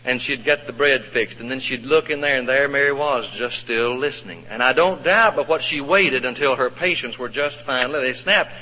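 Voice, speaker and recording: A man's voice: mid-range voice, moderate pace, few pauses. Folksy male preacher in an echoing hall. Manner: folksy, expressive, asks the audience questions. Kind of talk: sermon storytelling. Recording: echoey hall, dull lo-fi sound.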